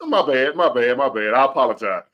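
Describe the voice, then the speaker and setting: A man's voice: mid-range voice, animated, fairly quick, dull audio. A man hosting a casual talk show, speaking in a brash, blunt, joking way. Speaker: host.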